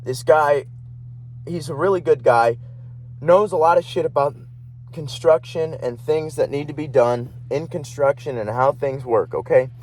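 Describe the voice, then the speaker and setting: A man's voice: on the high side, a little slow, a little mellow. Young male podcast host, heated, rambling and profane, a faint hum behind him. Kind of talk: casual ranting monologue.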